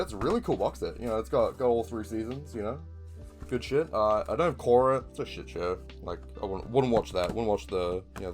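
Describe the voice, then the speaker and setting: Young New Zealand man, casual sweary vlogger, slightly low pitch. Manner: rambling, swears often, frequent ums. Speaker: video creator. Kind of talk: casual chat.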